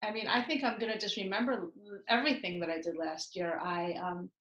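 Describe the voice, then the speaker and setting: A woman's voice: mid-range voice, steady tone, brisk, fairly bright tone, reverberant, muffled recording. A middle-aged woman with a nasal voice, a divorce lawyer and coach answering interview questions in a chatty, upbeat way, laughing often and using many fillers.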